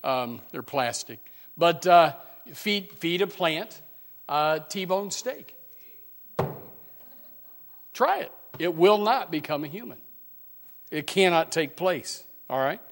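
A pastor preaching a sermon in a church, folksy and joking, with many fillers and restarts, moving between quiet asides and loud emphatic preaching. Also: male voice, on the high side, expressive, slow pace, pauses often.

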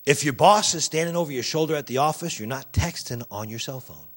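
A man preaching a sermon, emphatic and animated, addressing the congregation directly. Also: a little high, fairly quick.

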